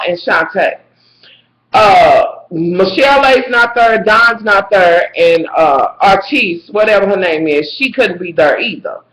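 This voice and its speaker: A woman in a casual vlog, reviewing a reality show with sassy, profane, animated rants and frequent shouting. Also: fairly high pitch. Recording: echoey room.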